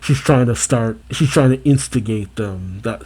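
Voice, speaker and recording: Mellow, husky-voiced man reacting. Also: medium pitch, normal speed. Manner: chatty, talks back to the screen. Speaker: anime reaction channel host. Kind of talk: casual reaction commentary.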